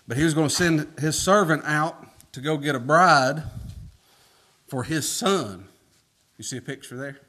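A man's voice: medium pitch, fairly bright tone. A man preaching a sermon, reading scripture aloud and asking folksy rhetorical questions with emphatic rises.

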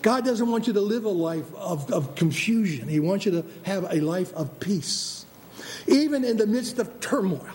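A man preaching a sermon as pastor, animated, acting out the voices of God and believers. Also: high-pitched, normal speed, slight background noise.

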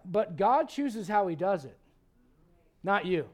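A man with a high, light voice preaches in an animated, chatty way. He jumps between scripture and everyday asides, often restarting his sentences as he goes. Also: slow. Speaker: pastor. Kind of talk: sermon.

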